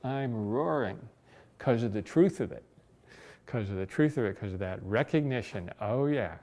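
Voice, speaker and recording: A man's voice: fairly low pitch, animated, normal speed, warm tone. Guy in his 60s recalling old stories in an interview, dry humor, kind of reflective. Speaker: interviewee, disability rights advocate. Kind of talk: oral history storytelling.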